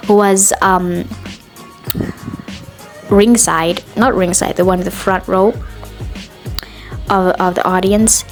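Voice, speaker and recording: A woman hosting a podcast, recapping a show in a casual, opinionated way, often pausing on "uh" and "um". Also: lowish voice. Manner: chatty and opinionated, with frequent "uh" and "um". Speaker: podcast host.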